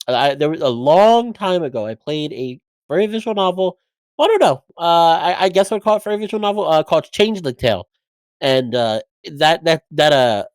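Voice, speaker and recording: Hesitant guest voice actor, self-deprecating, lots of fillers, mid pitch, dry mic. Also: no room sound. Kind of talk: casual roundtable chat.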